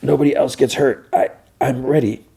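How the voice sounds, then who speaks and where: A man's voice: medium pitch, steady tone, moderate pace, gravelly, dark tone, husky, voice pushed up. A man voicing an earnest, anxious teenage boy superhero in a podcast recap, eager and pleading. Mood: determined.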